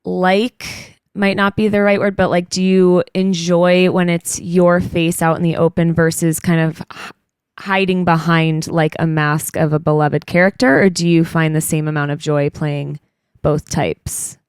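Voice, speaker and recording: Female podcast co-host, crisp and a little low, chatty interviewer, dry recording. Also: flat delivery, measured pace, a little mellow, dry recording. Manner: chatty, rambling questions.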